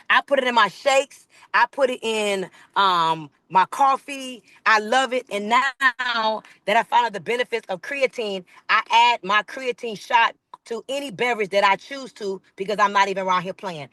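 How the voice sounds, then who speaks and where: A woman leading a network marketing training call, giving an energetic, preachy sales pitch that repeats phrases for emphasis. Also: moderate pace, dry recording. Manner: hyped, preachy, calls the audience "baby" and "y'all".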